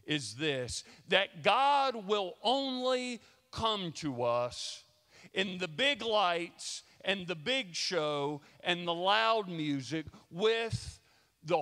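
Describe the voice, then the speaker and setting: A man's voice: high-pitched, pushed and bright. A male pastor preaching a sermon, addressing the congregation with emphatic repeated rhetorical questions, in a church sanctuary. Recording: long church reverb.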